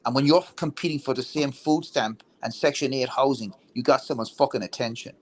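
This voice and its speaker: A man's voice: mid-range voice, fairly quick, a little hiss or hum. A man talking politics heatedly and bluntly, swearing and restarting his sentences often. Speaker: veteran political talk show guest.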